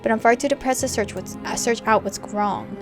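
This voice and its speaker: A young woman reading a visual novel aloud and reacting with loud, animated outbursts between the narration. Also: on the high side, fairly quick. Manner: expressive, jumps to loud excited reactions. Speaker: gamer. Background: faint game music.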